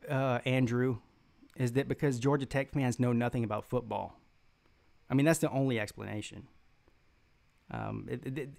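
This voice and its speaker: A man's voice: medium pitch, creaky, darkish tone. A man with a Southern American accent hosting a sports live stream, reading viewer comments and answering with rambling, mocking trash talk full of fillers and restarts.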